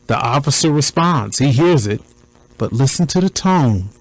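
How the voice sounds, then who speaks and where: A man commenting on a recording in a deliberate, preacher-like cadence, repeating points for emphasis. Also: mid-range voice, expressive, a little hiss or hum, poor audio.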